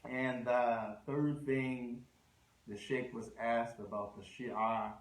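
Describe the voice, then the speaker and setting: Male lecturer, mid pitch, loose conversational delivery, echoey room. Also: flat delivery, slow. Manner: conversational, scattered Arabic phrases and restarts. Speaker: Islamic lecturer. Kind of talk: religious lecture.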